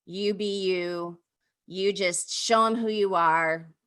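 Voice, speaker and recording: A woman's voice: fairly low pitch, fairly even intonation, takes it slowly, a bit bright, clean tone. A woman voicing a loving mother who soothes and encourages her little daughter, speaking over a video call. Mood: reassuring.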